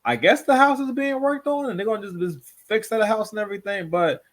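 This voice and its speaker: A man's voice: high-pitched, expressive, a little fast. A man hosting a casual reaction commentary show, rambling and repeating himself with constant filler phrases.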